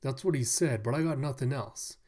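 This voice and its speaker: A man putting on a brash, rowdy carpenter, gruff and slangy, pushed a touch higher and louder than a plain speaking voice. A mid-pitched male voice, nothing dressed up. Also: brisk, natural voice.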